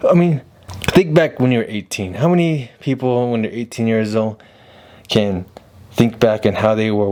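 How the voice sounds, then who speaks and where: Male vlog host, low voice, blunt and rambling commentary delivery. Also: a little mellow. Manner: blunt, rambling, repeats himself. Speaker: video host. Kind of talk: casual political commentary vlog.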